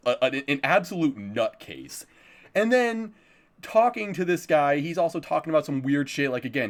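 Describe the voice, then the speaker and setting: A man streaming live, chatting casually about upcoming anime, swearing freely and laughing often. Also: fairly high pitch.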